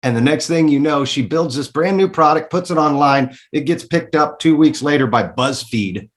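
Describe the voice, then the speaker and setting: A man's voice: on the high side, moderate pace. A man, a guest in a casual interview, telling his story candidly and emphatically, swearing freely and repeating words when he gets worked up.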